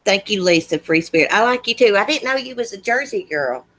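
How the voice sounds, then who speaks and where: A woman's voice: mid-range voice, expressive, a little fast, fairly bright tone. A woman with a Southern US accent, hosting a livestream in casual chat and answering comments in a chatty, countrified drawl. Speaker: livestream host.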